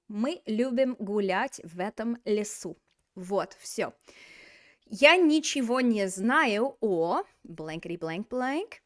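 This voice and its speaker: A woman teaching a casual language lesson, animated and playful, speaking straight to the learner. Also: medium pitch. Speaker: Russian teacher.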